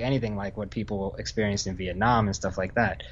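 Talking fast in a fairly low, steady voice, a Northern Virginia man who's an Army infantry veteran rambles as a podcast guest. His casual talk is packed with fillers and restarts. The top end of the audio is cut off.

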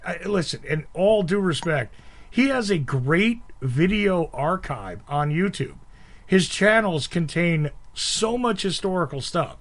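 A man from the northeastern United States talks in a loose, casual conversation, blunt and a bit abrasive, often breaking into laughter. His voice sits somewhat high for a man.

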